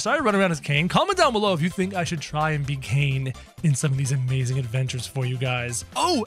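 A man hosting a gaming channel, giving excitable commentary on play and yelping at what happens on screen. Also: high voice. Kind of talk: game commentary.

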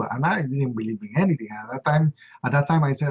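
Husky-voiced man telling a harrowing story. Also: mid-range voice, moderate pace, dull audio. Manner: animated, repeats words and acts out shouts. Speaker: interview guest. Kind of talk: emotional first-hand storytelling.

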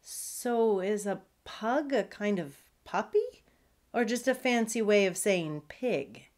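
A woman's voice: medium pitch, expressive, slow pace, darkish tone, voice pushed up. A woman doing a timid puppy faking bravery. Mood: puzzled. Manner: unsure, tries to sound tough. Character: timid young male farm puppy acting brave.

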